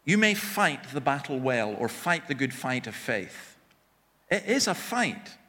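A man's voice: medium pitch, big pitch swings, a little slow, pushed and bright, big-room sound, slight background noise. A man preaching a sermon with personal stories, emphatic and self-deprecating, often restarting his sentences.

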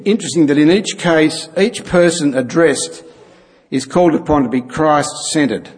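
Casting: male preacher, dry wit, halting, echoing hall. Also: medium pitch, darkish tone. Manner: dry humour, halting with fillers. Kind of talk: sermon. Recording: long hall reverb.

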